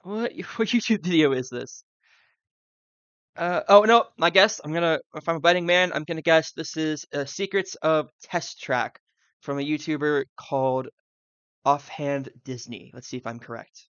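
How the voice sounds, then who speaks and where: A man from the Southern US chats his way through a live stream, wandering into tangents and filling gaps with "uh" and "um." His voice sits a bit high and sounds smooth and clear. It comes through a close, dry mic with a slightly dull, lo-fi tone. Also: moderate pace, fairly bright tone, no room sound. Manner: chatty, thinks aloud with many fillers and tangents. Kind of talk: rambling live-stream commentary.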